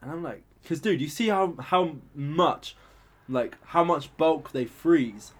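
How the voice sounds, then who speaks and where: A young man chatting casually, swearing freely and throwing himself into his stories. His voice sits a little high for a man, and he acts out what others said in a loud, animated way. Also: slow. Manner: sweary, animated storytelling, acts out quotes loudly. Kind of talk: casual chat.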